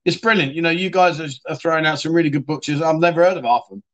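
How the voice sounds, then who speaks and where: A livestream host chats casually in a rambling way, reading out viewer comments and often saying "mate." His voice is on the high side and fairly bright, and he talks quickly.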